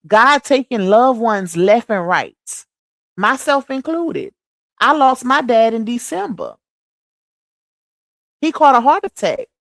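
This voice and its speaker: A woman's voice: a little high, big pitch swings, slow pace, long pauses, no room sound, clean studio sound. A woman hosting a casual livestream, chatty and preachy, talking straight to her viewers as "y'all.". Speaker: livestream host.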